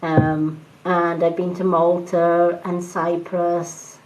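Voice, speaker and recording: A woman's voice: on the low side, level tone, takes it slowly, a little mellow. A woman with a Scottish accent mixed with other British influences, giving chatty live-stream card readings and thanking her viewers. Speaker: tarot card reader. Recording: dull lo-fi sound with faint noise.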